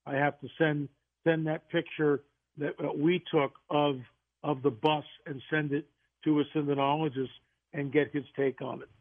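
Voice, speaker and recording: A man, a guest author on a radio interview, telling stories in an animated way with quick restarts. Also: fairly high pitch. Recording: tinny phone line.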